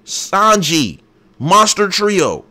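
Hyped-up man reacting loudly. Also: high-pitched, extremely slow. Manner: excitable, hype, loud outbursts. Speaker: channel host. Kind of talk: live comic reaction.

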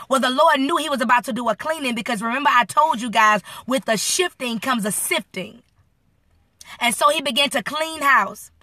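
A woman hosting a live-stream inspirational talk, animated and preacherly, speaking straight to her viewers. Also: high voice, no room sound, studio quality. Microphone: phone.

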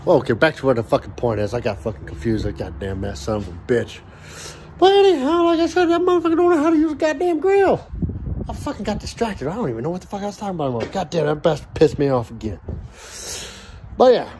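Brief: young man vlogging outdoors, a foul-mouthed rambling rant, animated pitch. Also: husky. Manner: angry, profane, rambling. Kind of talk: profane ranting vlog. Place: outdoors by a backyard grill.

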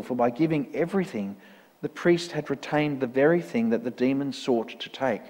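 Man, church reader, measured and earnest storytelling, mid-pitched voice, long hall reverb. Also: a little mellow. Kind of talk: reading a parable aloud.

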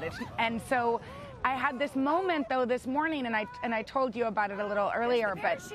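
A woman in her thirties co-hosts a talk show, her voice fairly high and brisk against slight background noise. She chats casually and eagerly, with excitement, laughter, and frequent restarts of her sentences.

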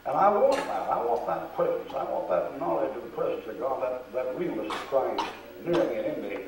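A man's voice: medium pitch, big pitch swings, a little fast, distant mic, background noise. An older man preaching a sermon, telling folksy stories and acting out the voices of the people in them. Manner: folksy storytelling, acts out quoted voices. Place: church. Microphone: far camera. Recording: roomy echo, recorded from afar.

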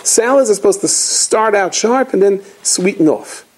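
A man's voice: sits high, moderate pace, poor audio. A man, a rabbi, giving an inspirational holiday talk, telling stories animatedly and acting out the quotes. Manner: animated storytelling with acted quotes.

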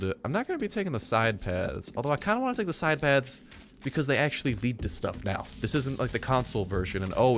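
Young male gaming commentator, lowish voice, chatty and rambling, faint background hum. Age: young adult. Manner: chatty, rambling, self-mocking. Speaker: gaming YouTuber. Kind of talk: casual let's-play commentary.

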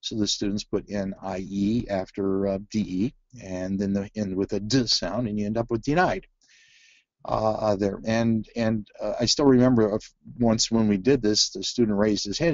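A man's voice: fairly low pitch, moderate pace, darkish tone, no echo, lo-fi sound. A man teaching a phonics webinar, talking through word activities with many fillers and restarts. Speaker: reading teacher presenting a webinar. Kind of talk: webinar presentation.

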